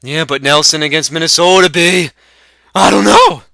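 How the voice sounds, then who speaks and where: A man doing a brash young bettor with a high, gravelly voice that leaps all over the place. He spits out crude trash talk in a bright, edgy tone. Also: moderate pace, no echo, studio quality. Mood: heated. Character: brash profane young male sports bettor.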